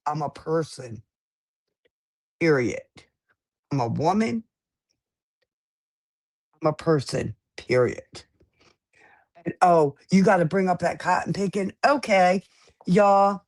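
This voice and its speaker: On a livestream, a woman with a lowish voice argues heatedly at a moderate pace. She sounds indignant, accusing someone and hammering her points home again and again.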